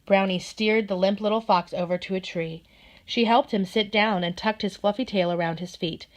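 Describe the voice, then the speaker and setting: A woman narrating a children's storybook in a gentle, steady manner. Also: mid-range voice, normal speed. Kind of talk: storybook read-aloud.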